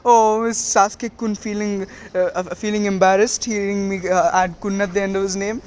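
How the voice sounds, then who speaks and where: A man's voice: high voice, fairly quick, a little hiss or hum, natural voice. A man voicing a cocky, teasing teenage boy ninja in a fan retelling. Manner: smug, playful teasing.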